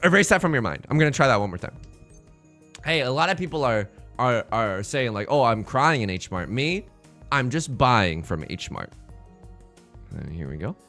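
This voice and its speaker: A man commentating his own game session with a bouncy, widely swinging pitch. He talks in loose, joking banter to his viewers, drifting off on tangents. Soft game music plays quietly behind him. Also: normal speed, pauses often. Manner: animated, joking rambling banter addressed to "folks". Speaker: let's play host. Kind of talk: gameplay commentary.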